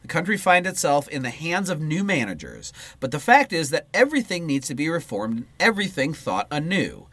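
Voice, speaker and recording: Bright, lively-voiced man reading aloud. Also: a little high, brisk, hardly any pauses, no room sound. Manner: swears freely and breaks into asides mid-reading. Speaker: podcast co-host. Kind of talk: reading a political text aloud, then casual chat.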